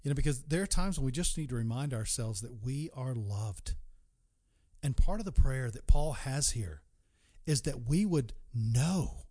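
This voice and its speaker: A man preaches a Bible sermon in an expressive, mid-range voice with a darkish tone. His manner is earnest; he questions the listener directly and stretches key words out slowly for emphasis.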